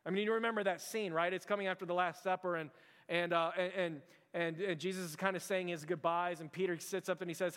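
Guy pastor rattling off a chatty sermon, kinda high voice, big echoey church hall. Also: steady tone, fast talker, fairly bright tone, clean tone. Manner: chatty, heavy use of "like" and restarts. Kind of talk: casual conversational sermon. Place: church sanctuary.

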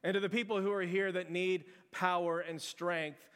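A middle-aged male pastor preaching a sermon in a casual, animated storytelling way. He acts out scenes in a raised voice. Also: high voice, moderate pace, smooth. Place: church. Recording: long church hall reverb.

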